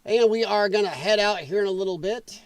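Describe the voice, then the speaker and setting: A man's voice: sits high, a little fast, no echo. A man hosting a live stream, reacting to clips with sarcastic, mocking commentary and frequent laughter. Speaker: live-stream podcast host.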